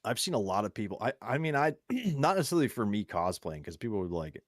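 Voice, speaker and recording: A man's voice: on the low side, sing-song, fast talker, no room sound, clean studio sound. A young man co-hosting a podcast, chatting casually, rambling through stories, swearing and laughing often. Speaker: podcast co-host. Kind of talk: casual chat.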